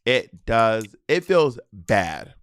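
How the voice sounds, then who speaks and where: A man co-hosting a casual chat show, talking in an animated, campy way with quick asides. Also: mid-range voice, smooth, no echo, studio quality. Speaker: podcast co-host.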